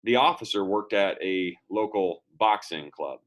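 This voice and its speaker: A man's voice: on the low side, unhurried, rough recording. A man giving an upbeat motivational lesson to students, telling a story and acting out its dialogue. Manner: upbeat, acts out quoted dialogue. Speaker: school motivational speaker.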